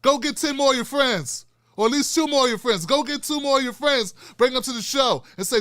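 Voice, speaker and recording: A man's voice: very high-pitched, brisk, pushed and bright, no echo, studio quality. A middle-aged man hosting his own show, delivering blunt, emphatic, profane commentary with lots of repetition. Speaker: show host. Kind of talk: impassioned solo commentary.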